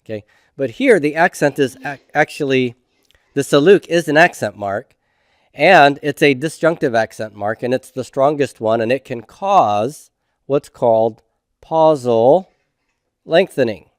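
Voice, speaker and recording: Slow, methodical male Hebrew teacher. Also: mid-range voice, expressive, dry recording, clean studio sound. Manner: slow, methodical, checks in with "okay?". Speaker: Hebrew instructor. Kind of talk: classroom grammar lecture.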